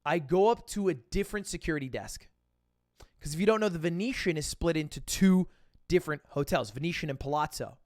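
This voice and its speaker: Young male streamer, animated storyteller who swears freely, dry close sound. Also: a little high, brisk, no room sound. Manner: animated, profane, acts out quotes. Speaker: livestreamer. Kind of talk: casual storytelling.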